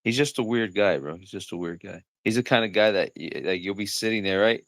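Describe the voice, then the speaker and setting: A man chatting on a livestream at a quick clip, his voice a bit low and recorded dry and close. He jokes, laughs things off and slips into the voices of the people in his stories. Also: no room sound. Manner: joking, laughs things off, acts out quoted voices. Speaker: livestream host. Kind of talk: casual livestream chat.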